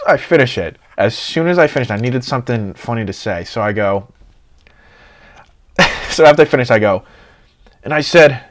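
A young man casually telling a party story, excitable and swearing often, acting out his friends' lines. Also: medium pitch, a little fast.

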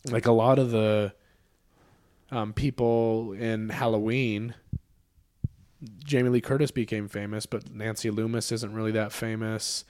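A man with a somewhat low voice chats casually as a podcast co-host, full of fillers and restarts. He perks up when he makes a point. The sound is dry and close, with no room around it. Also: steady tone, a little slow, long pauses, a little mellow, no room sound. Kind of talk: casual chat.

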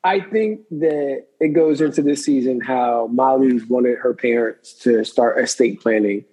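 A man's voice: mid-range voice, measured pace, mellow, rough recording. A man in casual chat, recapping a TV episode in a thoughtful, explaining way.

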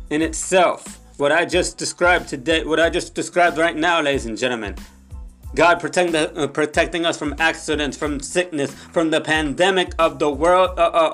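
Young man, preacher, impassioned sermon, repeats phrases, slightly high voice, faint music behind. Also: normal speed. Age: young adult. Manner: impassioned, repeats phrases, addresses audience often; drops to soft low prayer in Spanish.

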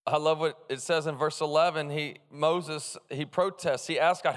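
A man's voice: high voice, a little fast. A man preaching a sermon, telling humorous stories and calling out to his congregation. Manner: humorous, animated, calls out to the congregation. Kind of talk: sermon with personal storytelling. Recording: long hall reverb.

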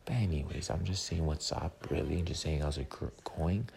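A man's voice: extremely low pitch, a little fast, gravelly. A man hosting a casual podcast, whispering and rambling as he talks through a movie in a theater. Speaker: podcast host. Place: movie theater during a film. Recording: crowded room, movie audio behind. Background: crowd chatter.

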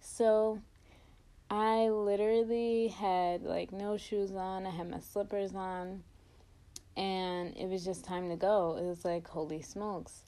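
Slow-talking young woman, chatty and laughing. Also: medium pitch, flat delivery, mellow. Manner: chatty, laughs often, says "like" and "you know". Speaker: new mother telling her birth story. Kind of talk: casual storytelling to camera.

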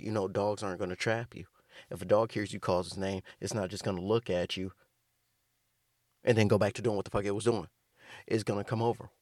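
Man, low-ish voice, profane comedic rant, rambling, dry close sound. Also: dry recording. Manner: rambling, profane, riffing with frequent restarts. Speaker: comedic host.

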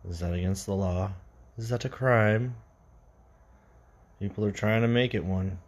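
A man hosting an unscripted podcast, reading stories and musing casually, his voice sinking low and quiet at the ends of phrases. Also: measured pace. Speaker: podcast host.

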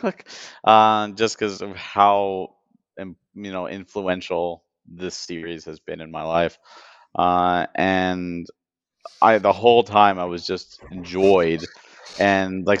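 Male podcast co-host, emotional and chatty; smooth tone, dry, slightly dull recording. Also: deep voice, a bit bright, no echo. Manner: enthusiastic, emotional, repeats words. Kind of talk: casual podcast chat.

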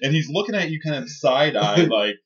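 Sarcastic podcast dude, voice jumps all over, muffled lo-fi mic. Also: male voice, on the high side, animated, brisk. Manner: playful, sarcastic banter. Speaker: podcast co-host. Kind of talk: casual chat. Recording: muffled lo-fi sound.

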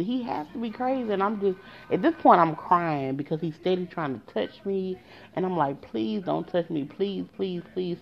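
A young woman with a notably deep voice recounts a personal story in casual vlog style. She talks straight to her viewers, stressing her points and cursing freely. The audio sounds muffled and lo-fi. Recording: dull lo-fi audio.

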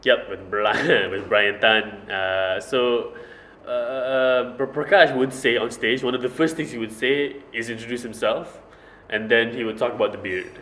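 A man's voice: mid-range voice, normal speed, fairly bright tone, reverberant, rough recording. A man chatting casually as a podcast host, explaining at length and repeating words as he thinks. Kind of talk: casual chat about stand-up comedy.

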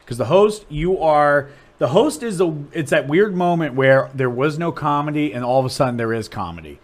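A man from Ohio, a comedian, chatting casually on a podcast and telling stories with a lot of restarts and swearing. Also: normal speed. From Dublin, Ohio, USA. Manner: animated storyteller, voice jumps high and loud when acting out people. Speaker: comedian guest.

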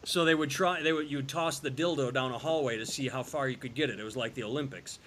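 Bright-voiced man joking crudely. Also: medium pitch, fast, a little hiss or hum. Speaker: podcast host. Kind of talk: casual podcast banter.

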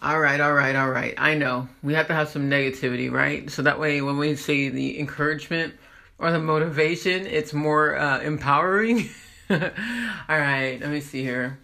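A woman's voice: sits low, fairly even intonation, moderate pace, creaky, pushed and bright. A woman hosting a casual, rambling motivational monologue, laughing at herself as she encourages listeners. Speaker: host.

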